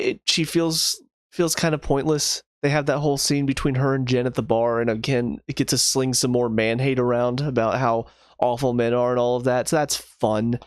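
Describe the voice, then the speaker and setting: A man's voice: medium pitch, dry recording, studio quality. A man giving a casual spoken review of a TV show in a sarcastic, rambling way, often restarting his sentences.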